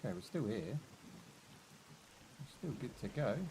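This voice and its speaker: A man's voice: mid-range voice, expressive, measured pace, noisy background. Joking man streaming a game. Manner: joking, chatty, talks to himself and chat. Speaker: livestream gamer. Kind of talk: casual gameplay commentary.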